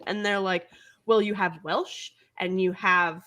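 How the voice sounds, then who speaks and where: A bright-voiced woman from the American Midwest co-hosts a casual podcast chat. She tells stories with bubbly energy, laughs often and swoops up high when she gets worked up. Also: fairly even intonation, unhurried. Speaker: podcast co-host.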